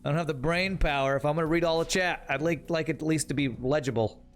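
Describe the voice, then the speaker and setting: A man's voice: fairly high pitch, fast, soft background music. A young man streaming a game, casually commenting on play and teasing his chat in a wry way. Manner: wry, teasing, talks to chat while playing.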